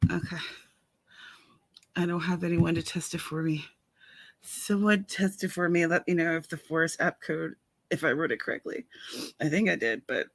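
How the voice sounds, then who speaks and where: A woman's voice: fairly low pitch, no echo. A woman hosting a casual writing livestream, chatting with viewers and greeting them by name while complaining about a watering eye. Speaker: author and livestream host. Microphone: headphones with mic.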